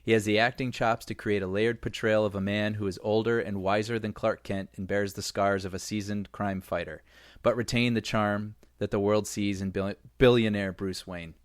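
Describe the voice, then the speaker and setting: A man co-hosting a casual movie podcast, agreeable and animated, with frequent yeahs. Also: fairly low pitch, moderate pace, no echo, clean studio sound. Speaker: podcast co-host. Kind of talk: casual chat.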